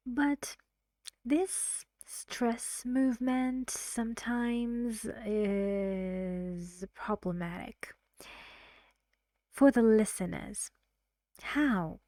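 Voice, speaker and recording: A woman teaching English pronunciation in a recorded lesson, speaking carefully and often dropping to a soft whisper. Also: on the high side, extremely slow, no room sound.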